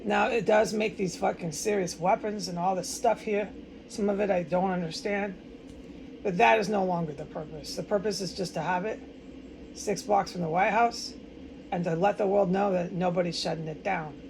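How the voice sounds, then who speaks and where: A woman's voice: mid-range voice, fairly even intonation, moderate pace, gravelly, darkish tone, slight background noise, poor audio. An American woman in a distraught, rambling personal monologue, stumbling over words and swearing often. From United States. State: upset and distraught. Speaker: vlogger.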